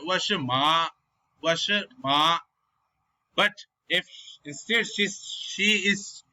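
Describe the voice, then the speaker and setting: A man's voice: a little high, pushed and bright, slight background noise, low-quality recording. A young man teaching a recorded online language lesson over slides, repeating example sounds with exaggerated tones in non-native English phrasing.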